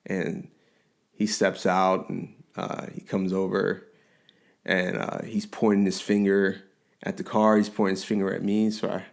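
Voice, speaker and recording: A man in his forties co-hosting a podcast, telling a story in casual chat with lively restarts and frequent laughs. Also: deep voice, unhurried, creaky. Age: 40s. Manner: animated storyteller, rambling restarts, laughs often. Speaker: podcast co-host.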